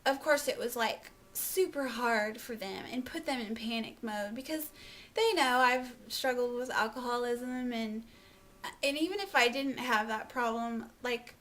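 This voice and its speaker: A woman's voice: on the high side, a little slow, fairly bright tone. A young woman at home telling an emotional personal story on camera, rambling with lots of "like" and laughing through tears. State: tearful. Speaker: vlogger.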